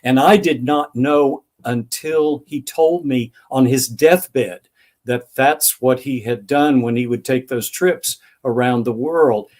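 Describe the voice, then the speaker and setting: Speaking slowly in a mid-range, slightly mellow voice, this older author answers interview questions with care. He draws on anecdotes and performs the dialogue he remembers.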